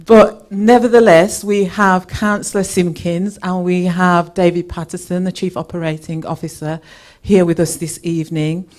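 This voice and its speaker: A woman's voice: lowish voice, fairly even intonation, moderate pace, hardly any pauses, a little mellow. A woman hosting a conference, introducing speakers in a chatty way and laughing at her own slip-ups. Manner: chatty, flustered, laughs at herself. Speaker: event host. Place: conference room.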